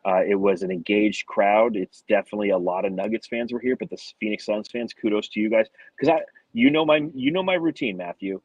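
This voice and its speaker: A man's voice: fairly low pitch, a little fast, darkish tone, no room sound, lo-fi sound. A man co-hosting a sports podcast from the arena, chatty and swearing, laughing easily. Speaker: podcast co-host. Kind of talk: casual sports podcast chat. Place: at an arena after a game.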